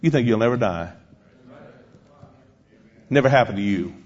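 Husky preacher challenging his congregation. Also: fairly low pitch, animated, moderate pace, a little mellow, muffled recording. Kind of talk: sermon.

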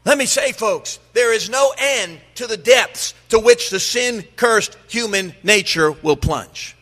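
A middle-aged male pastor preaching in a church sanctuary, his voice high for a man and bright. He pushes hard on his points and then drops low again. The sound carries a long hall reverb. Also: lively intonation, takes it slowly. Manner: emphatic preaching, rising and dropping to make points. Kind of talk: sermon.

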